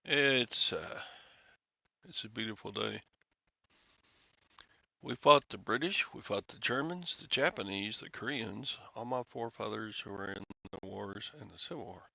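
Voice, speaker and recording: A man's voice: on the low side, unhurried, gravelly, bright, forceful tone, no echo. An older man, hosting a rambling, casual livestream chat with viewers and often chuckling and sighing. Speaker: livestream host. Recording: dull lo-fi, dry sound.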